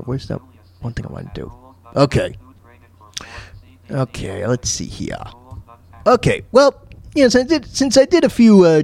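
A man's voice: on the high side, darkish tone, no echo. A man hosting his own podcast, telling crude jokes and chatting loosely, laughing at his own punchlines. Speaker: podcast host. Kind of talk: casual joke-telling monologue.

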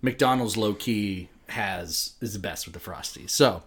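A man's voice: fairly low pitch, measured pace, fairly bright tone, husky. A man co-hosting a casual food podcast, talking in a loose, joking, rambling way. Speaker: podcast co-host.

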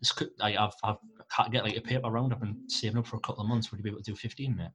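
A man voicing a shy, hopeful teenage boy who hesitates and speaks softly. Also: lowish voice, steady tone, very fast, slightly rough.

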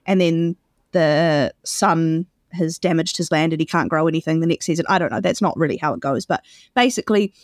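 A woman co-hosting a podcast in casual chat, laughing often and turning animated when amused. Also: sits low, brisk, dry recording, studio quality. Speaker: podcast co-host.

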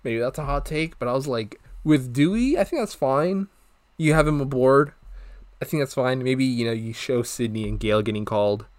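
A man's voice: mid-range voice, moderate pace. A young man co-hosting a podcast, chatting casually about a movie and acting out lines from it with laughs. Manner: animated, acts out quotes with laughs. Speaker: podcast co-host. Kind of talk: casual movie review chat.

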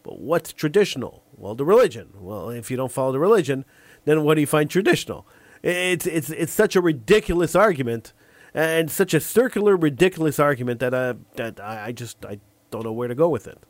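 A man hosting a call-in talk show, giving his opinions in a monologue. He often repeats words while searching for the next one and acts out imagined callers in quick back-and-forth. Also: on the high side, lively intonation, no echo.

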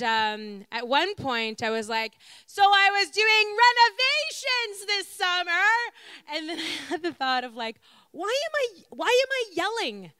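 Woman preaching slow and earnest, high bright voice, dry close sound. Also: smooth, dry recording. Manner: earnest, repetitive, building rhetorical lists. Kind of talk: reflective sermon-style talk.

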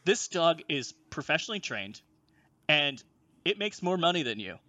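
A storyteller on a comedy podcast recounts a workplace tale on a casual chat show, swearing often and laughing as he talks. His voice is a little high and moderately paced, and he sounds profane and animated. The audio is dull, with background noise.

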